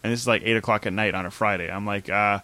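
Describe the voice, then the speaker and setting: A man's voice: on the low side, fairly even intonation, fast, bright, forceful tone, no echo. A man in his thirties from Canada, telling a story in a casual chat, acting out quoted voices and laughing often. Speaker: podcast co-host.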